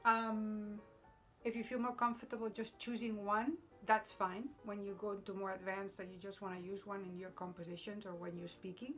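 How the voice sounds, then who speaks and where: A woman's voice: mid-range voice, flat delivery, normal speed, fairly bright tone, soft background music. A woman teaching Spanish grammar at a whiteboard, explaining patiently in English with Spanish examples and checking in with "okay?" often. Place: classroom with a noisy whiteboard.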